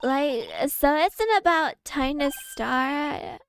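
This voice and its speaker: A woman's voice: high-pitched, slow, fairly bright tone, a little hiss or hum, pitched above the performer's own voice, full character voice. A woman voicing a ditzy young American college girl with an airheaded manner, full of "like", reading game dialogue aloud. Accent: American, put on. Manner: airheaded, peppered with "like".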